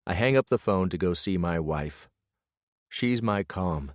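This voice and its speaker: Deep-voiced male audiobook narrator. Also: normal speed, dry recording, clean studio sound. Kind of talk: first-person romance audiobook narration.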